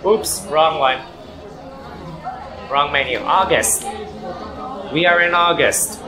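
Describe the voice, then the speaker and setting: Hoarse young man reading a game aloud. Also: a little high, slow pace, crowd noise. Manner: casual, coughing, apologetic asides. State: hoarse, worn-out voice. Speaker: gaming YouTuber. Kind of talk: let's play, reading a visual novel aloud.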